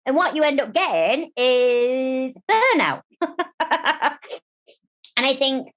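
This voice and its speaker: Taking her time in a high voice, a woman from Germany talks candidly about her life as a guest on an interview show. She's a disability rights campaigner with an animated, chatty manner who acts out quoted speech.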